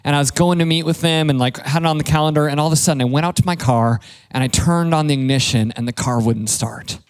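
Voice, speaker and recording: Chatty pastor, bright conversational voice. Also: male voice, on the high side, fast talker, clean tone. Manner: conversational, playful storytelling with self-deprecating jokes. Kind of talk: sermon.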